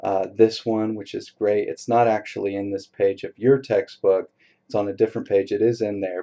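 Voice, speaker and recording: A man lecturing a college poetry class in a relaxed, casual way, reading poems aloud slowly with a strong beat. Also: lowish voice, lo-fi sound. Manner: relaxed, casual teacher talk with fillers. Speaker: college instructor. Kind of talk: recorded lecture.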